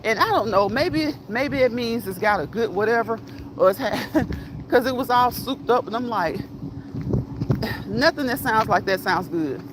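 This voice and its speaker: A woman's voice: a little high, animated, unhurried. A middle-aged woman on a casual walk-and-talk livestream, rambling to her viewers as she walks down a street, recorded on a phone. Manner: rambling, chatty, talks straight to viewers. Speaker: vlogger reading live chat. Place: outdoors on a street with passing traffic. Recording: clear street noise and traffic.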